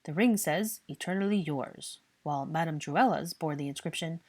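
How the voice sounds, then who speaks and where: A woman voicing a fussy, servile old male house elf who croaks and talks in odd third-person grammar. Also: low-pitched, moderate pace.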